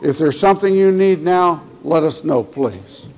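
A man preaching a sermon in a church, speaking slowly and getting emotional as he tells the congregation he loves them. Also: fairly high pitch, lively intonation, a little mellow. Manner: slow, emotional, tender preaching. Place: church sanctuary. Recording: long hall reverb.

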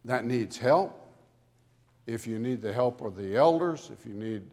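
A man preaching a sermon to a congregation with dramatic emphasis, building to loud peaks on key words. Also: medium pitch, animated. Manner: dramatic, slow emphatic delivery with swelling loudness. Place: church sanctuary. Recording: long hall reverb from a church. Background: congregation audience.

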